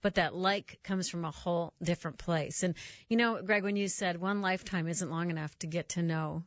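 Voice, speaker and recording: A woman's voice: fairly low pitch, moderate pace, dry recording. A woman in her fifties hosting a radio interview, asking earnest, reflective questions. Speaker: radio show host. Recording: dull, dry radio studio sound.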